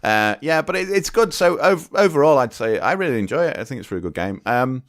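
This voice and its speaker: A man's voice: medium pitch, big pitch swings, fast talker, fairly bright tone, no room sound, clean studio sound. A man co-hosting a podcast in casual chat, laughing often and joking, with filler-filled trailing sentences. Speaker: podcast co-host.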